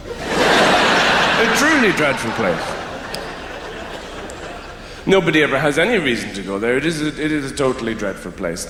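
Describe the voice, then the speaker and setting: An Irish man doing stand-up comedy, wry and rambling, shifting between mumbled asides and loud outbursts. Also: on the high side, a little hiss or hum. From Ireland. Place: theatre stage before a live audience. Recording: roomy hall with long reverb.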